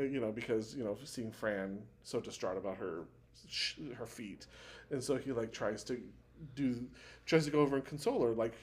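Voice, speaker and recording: A man's voice: medium pitch, darkish tone. Rambling man recapping a show. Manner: rambling retelling full of "like" fillers and restarts. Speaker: podcast co-host. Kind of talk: casual chat recapping a TV show.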